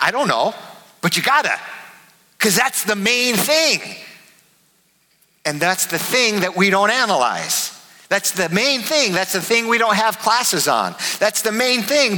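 A man preaching a sermon as pastor, emphatic, repeating his key words and swinging between soft and loud. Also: high-pitched, in a large hall, rough recording.

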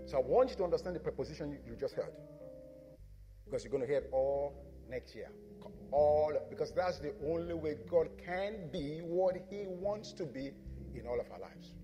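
A man's voice: on the high side, expressive, moderate pace, dull audio. A pastor preaching a sermon in a church. He speaks emphatically and keeps putting questions to the congregation, then answers them himself. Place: church sanctuary. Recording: reverberant church hall with soft instrumental music.

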